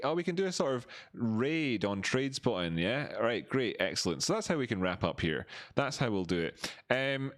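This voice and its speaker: A man from Scotland, hosting a crypto livestream in a rambling, self-mocking chat while reading viewers' messages aloud. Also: lowish voice.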